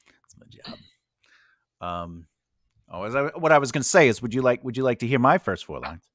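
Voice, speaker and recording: A man's voice: medium pitch, sing-song, fast talker, fairly bright tone, no room sound, clean studio sound. A man joining a casual video call as a guest writer, joking and self-deprecating.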